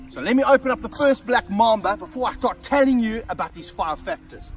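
An excitable man with a high voice, recorded outdoors near snake enclosures. He is heard from some way off the camera mic, with faint music underneath as he whoops and talks straight to his viewers. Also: a little fast, far from the mic. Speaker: wildlife handler and host. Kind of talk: energetic outdoor wildlife demonstration.

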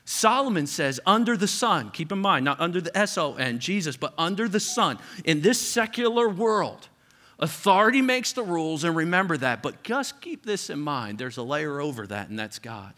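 A middle-aged man preaching a sermon as pastor, animated, acting out the people he quotes. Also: a little high, moderate pace. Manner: animated, acts out quoted parents with raised voice.

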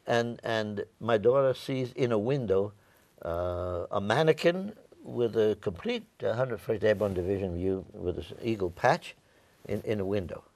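A gravelly-voiced veteran in his nineties from New York tells his stories in a dry, close recording. His pitch rises and falls in a lively way, and he often repeats himself as he goes. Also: unhurried, dry recording. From New York, United States. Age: 90s. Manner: rambling, repeats words, animated retelling. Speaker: war veteran interviewee. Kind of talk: oral history storytelling.

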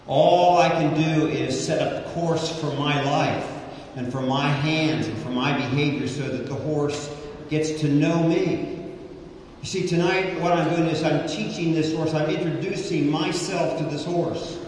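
A man's voice: on the high side, fairly even intonation, measured pace, a little mellow, a little hiss or hum. A man preaching a sermon while working with a horse, emphatic, with dramatic swings in pace. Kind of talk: sermon with live horse demonstration. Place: indoor horse arena. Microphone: distant mic. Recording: distant mic in echoey arena.

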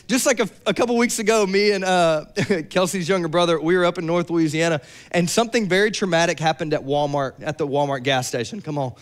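A young adult man preaching a sermon, lively and joking with playful asides. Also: sits high, a little fast. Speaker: pastor.

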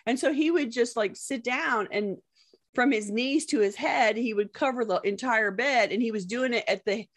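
A woman's voice: on the high side, normal speed. A woman podcast host and professional organizer, chatting casually, telling stories and laughing often. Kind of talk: casual chat.

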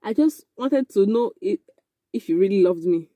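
A woman's voice: medium pitch, animated, normal speed, warm tone, dry recording, natural voice. A woman quoting a sheepish young ex-boyfriend. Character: young man, evasive ex-boyfriend.

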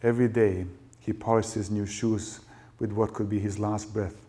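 A novelist reading his own fiction aloud at a lecture event, with measured, dry storytelling. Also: fairly low pitch, little pitch movement, dark tone.

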